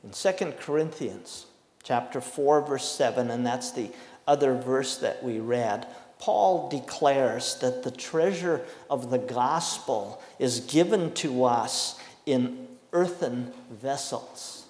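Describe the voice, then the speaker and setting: A man preaching a sermon, emphatic, with slow deliberate stresses and dramatic pauses. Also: mid-range voice, a little mellow. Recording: echoey hall with long reverb.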